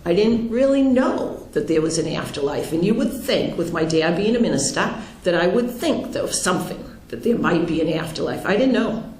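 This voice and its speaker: A woman's voice: fairly low pitch, moderate pace, roomy sound. A middle-aged woman with a Boston accent, telling a personal story to a congregation in an earnest, storytelling way. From Pennsylvania. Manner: earnest, storytelling, lively quoted dialogue. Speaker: guest speaker.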